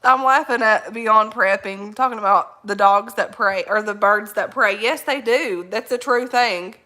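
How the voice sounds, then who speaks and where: Bright, folksy woman livestreamer. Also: mid-range voice, measured pace. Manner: rambling, laughs often, folksy slang. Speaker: livestream host reading viewer comments. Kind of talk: casual live chat.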